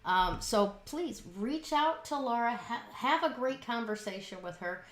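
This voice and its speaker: A woman's voice: a little high, animated, unhurried. Encouraging woman host, echoey room. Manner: encouraging, brief affirmations. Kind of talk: interview hosting.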